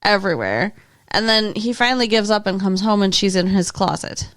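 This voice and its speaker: A woman's voice: medium pitch, lively intonation, fairly quick, fairly bright tone, no echo. A woman co-hosting a podcast, chatting casually about a TV episode and chiming in with short agreements. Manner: brief agreeing interjections, laughs easily. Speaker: podcast co-host.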